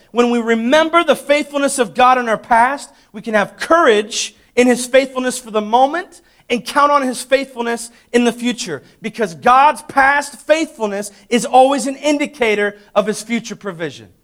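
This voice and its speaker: A man preaching a sermon as pastor, calling out to the congregation and swinging between loud emphatic peaks and hushed asides. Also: extremely high pitch, moderate pace, hardly any pauses. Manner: preaches with call-and-response to the congregation. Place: church.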